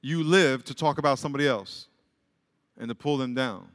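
A male pastor giving a sermon, leading call-and-response with the congregation and mixing loud calls with joking asides. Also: normal speed. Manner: call-and-response, has the congregation repeat words; jokey, swings from loud calls to low asides. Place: church sanctuary. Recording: long hall reverb.

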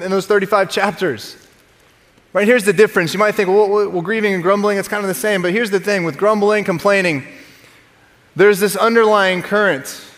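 A man's voice: high-pitched, a bit bright. A man in his thirties preaching a sermon to a congregation in a conversational way, often restarting his words and joking with the listeners. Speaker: pastor. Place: church sanctuary. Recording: long hall reverb.

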